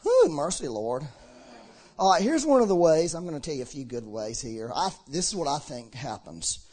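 Male preacher, high voice, fiery sermon delivery that jumps from shouts to hushed, earnest asides. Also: very animated, moderate pace, husky. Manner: impassioned, swinging between shouting and low earnest talk. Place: church hall with a congregation.

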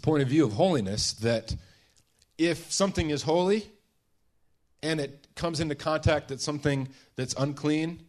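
A man preaching a sermon, retelling a scene with hushed and emphatic turns and many restarts. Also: a little high. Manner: storytelling, dramatizing a scene with voiced quotes; pauses and restarts, shifts between hushed and emphatic.

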